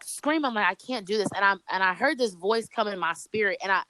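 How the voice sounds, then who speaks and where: A woman comedian, a podcast guest speaking by phone, telling a story in an animated way with many restarts. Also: mid-range voice, quick pace, no room sound, low-quality recording. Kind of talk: casual chat.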